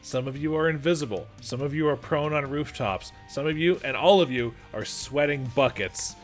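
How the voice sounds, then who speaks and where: A man running a tabletop game as game master, narrating the scene with halting restarts. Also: mid-range voice, faint music behind. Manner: halting, restarts mid-sentence while narrating.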